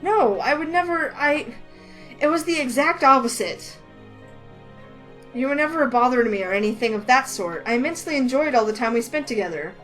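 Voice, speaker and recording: A woman voicing a shy, soft-spoken young man who talks politely and formally and hesitates, with faint music behind her. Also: high voice, lively intonation, brisk, low-quality recording. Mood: earnest.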